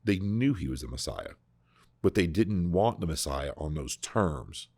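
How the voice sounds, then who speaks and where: A man hosting a podcast, explaining scripture in a casual, animated way, often restarting his sentences. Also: deep voice, a little slow, no echo, clean studio sound. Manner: animated, full of restarts and repeated words. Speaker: podcast host discussing scripture. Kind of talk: casual conversational Bible teaching.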